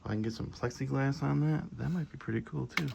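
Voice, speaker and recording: Gravelly excited man in a workshop. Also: mid-range voice, fast. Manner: excited, thinking aloud while working. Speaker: maker vlogger. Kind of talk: casual workshop vlog.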